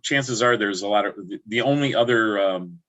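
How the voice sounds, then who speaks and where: A man's voice: on the low side, moderate pace, a bit bright. A man from upstate New York chatting casually on a livestream, rambling and restarting his words often. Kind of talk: casual chat.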